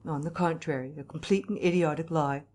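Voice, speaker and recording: A glum young correspondent in a storybook, flat and expressionless, rueful under his calm, as a woman reader voices him. He speaks with detached, dry gloom. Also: deep voice, a little fast, lightly acted. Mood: gloomy.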